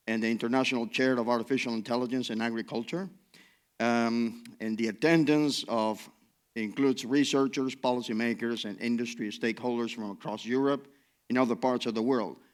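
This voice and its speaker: A man's voice: mid-range voice, steady tone, normal speed. A man with a non-native English accent giving a chatty, self-deprecating keynote talk in a conference hall. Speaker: keynote speaker.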